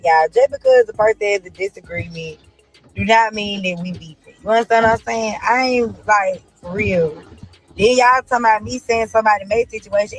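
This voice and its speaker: A woman's voice: a little high, a bit bright, poor audio. A woman ranting on a live stream in a defensive, profane, rambling way. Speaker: reality show personality. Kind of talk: casual live-stream rant.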